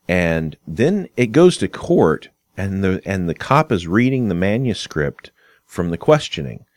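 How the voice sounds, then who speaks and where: A man explaining arguments in a casual spoken lecture, unhurried and explanatory. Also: sits low, big pitch swings, no echo. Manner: unhurried, explanatory, acts out quoted dialogue. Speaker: instructor on arguments and fallacies.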